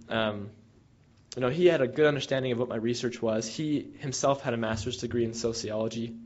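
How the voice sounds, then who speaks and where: Young male former researcher, rambling storyteller, ordinary pitch, dull lo-fi sound. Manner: rambling, with many restarts and fillers, animated when retelling dialogue. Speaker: former field researcher advising students. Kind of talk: casual anecdotal talk. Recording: dull lo-fi recording.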